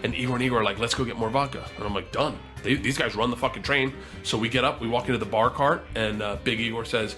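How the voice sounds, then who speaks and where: A man telling a wild comic story with lots of swearing, acting out each quote in a lively way. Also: medium pitch, fast talker, hardly any pauses, soft background music. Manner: animated, profane, acts out quotes.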